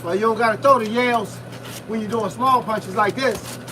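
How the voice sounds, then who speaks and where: Male boxing coach, high voice, blunt pep talk mid-workout, distant phone mic, wind noise. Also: moderate pace. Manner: loud, punchy motivational talk with shouted breaths. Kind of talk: live-streamed workout talk. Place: outdoors in freezing wind. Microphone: phone camera set at a distance.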